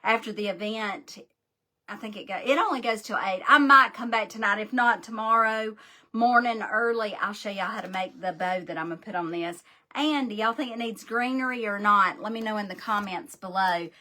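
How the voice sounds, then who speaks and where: A woman with a sharp-toned, mid-range voice speaks at normal speed while hosting a live crafting demo. She's folksy and a little scattered, chatting directly to the people watching.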